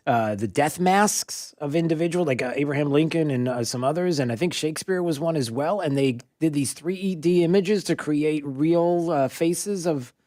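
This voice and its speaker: A man's voice: fairly high pitch, darkish tone, no room sound, clean studio sound. A man hosting a morning radio talk show, chatting casually with many fillers and restarts. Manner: halting, many fillers and restarts, laughs easily.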